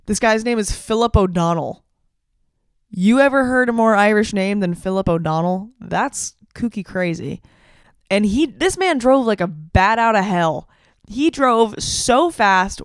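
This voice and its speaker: A young woman in her twenties hosting a comedy podcast, telling a story in an animated, profane and self-mocking way. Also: medium pitch, clean tone, no room sound, studio quality. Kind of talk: storytelling monologue.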